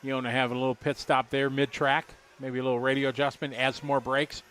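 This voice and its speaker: A man in his fifties doing relaxed, rambling live race commentary, chatty and jokey. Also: medium pitch, fast talker, smooth. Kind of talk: casual live commentary chat.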